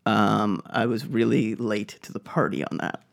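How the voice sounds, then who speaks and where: A man's voice: on the low side, steady tone, unhurried, creaky. A man from Boston co-hosting a podcast, telling a rambling story with lots of "like" and "um" in casual chat. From Boston, USA. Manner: rambling, hesitant, full of "like" and "um". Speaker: podcast co-host.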